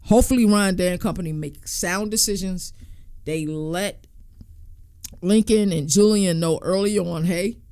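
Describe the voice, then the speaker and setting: A man's voice: sits high, measured pace, a little mellow, clear, resonant tone, no echo. A man hosting a sports podcast, talking casually and in slang while he thinks aloud and counts through team schedules.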